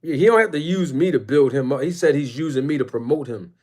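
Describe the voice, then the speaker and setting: A man hosting a casual boxing live stream, rambling and emphatic as he shouts out chat viewers by name. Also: fairly high pitch, fast. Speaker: boxing YouTube channel host.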